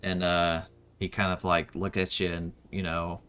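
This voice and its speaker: A man's voice: low voice, flat delivery, a little slow, a bit bright, smooth. A man narrating as game master of a tabletop game, loose and hesitant, full of fillers. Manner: loose and hesitant, full of "kinda" and "you know".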